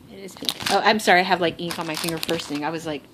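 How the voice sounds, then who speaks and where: In a noisy phone clip from her bedroom, a woman with a fairly low voice unboxes gifts for her crafting channel. She's effusive and excitable, laughing and gasping throughout the casual talk.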